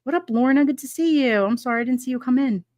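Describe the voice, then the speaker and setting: A woman's voice: sits high, quick pace, a little mellow, dry recording, clean studio sound. A middle-aged woman hosting a livestream, chatting casually and rambling with frequent laughs while she reads out chat comments. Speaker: livestream host reading chat.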